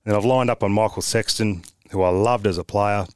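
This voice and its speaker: An Australian man, a former footballer, telling blunt, animated stories as a podcast guest with mild swearing. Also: on the low side, brisk, clean tone, dry recording, studio quality. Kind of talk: casual storytelling chat.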